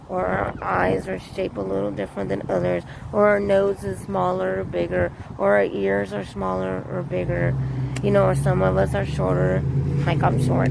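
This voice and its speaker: A woman vlogger rambles earnestly through her opinions, circling back to the same points. Her voice is heavily gravelly, full of fry. The recording is noisy, with street and vehicle sounds behind her outdoors. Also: medium pitch. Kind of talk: casual opinion monologue.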